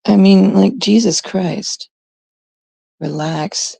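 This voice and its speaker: A woman's voice: medium pitch, slow, vocal fry, dark tone, breathy edge, no room sound. A Canadian woman livestreaming, rambling casually and talking straight to her chat viewers on a close mic.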